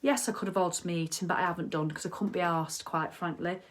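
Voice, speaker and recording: A woman's voice: on the low side, quick pace, a little hiss or hum. Chatty woman on a live stream. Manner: chatty, animated, reads viewer comments aloud. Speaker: wellness coach hosting a live video. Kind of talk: casual live-stream chat.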